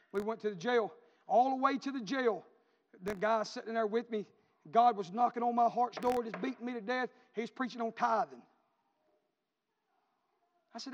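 Man, very high voice, fervent preaching, long echoing church reverb, dull lo-fi sound. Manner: fervent, repetitive storytelling preacher. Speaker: pastor. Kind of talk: sermon. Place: church sanctuary.

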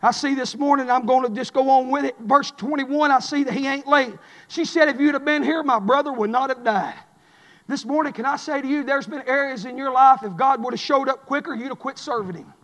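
A pastor preaching a fiery sermon in a church, swinging from hushed and intimate to loud shouting. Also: male voice, very high-pitched, fairly quick. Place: church sanctuary. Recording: long hall reverb.

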